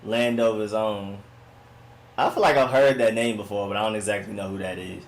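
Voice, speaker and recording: A man's voice: lowish voice, steady tone, fairly quick. A man hosting a casual sports live stream, rambling in a slangy, laid-back way as he reads and answers viewer comments. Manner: laid-back, rambling, slangy, often says "you know what I'm saying".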